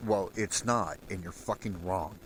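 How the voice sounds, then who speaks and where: A man hosting a solo show, delivering an angry, profane rant and raising his voice to a shout at times. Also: low-pitched, unhurried, slight background noise, poor audio. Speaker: podcast host.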